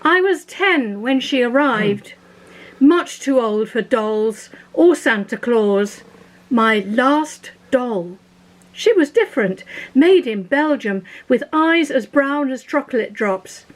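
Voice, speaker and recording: A woman reads her own poem aloud over a video call. Her voice is high, and she takes it very slowly, with a measured, unhurried delivery. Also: animated, poor audio. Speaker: poet. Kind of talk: poetry reading.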